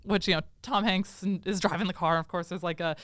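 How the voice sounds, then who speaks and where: A woman's voice: fairly low pitch, steady tone, brisk, fairly bright tone, no echo, studio quality. A woman co-hosting a podcast, recapping a movie in casual chat and acting out the characters' lines as she goes. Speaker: podcast co-host.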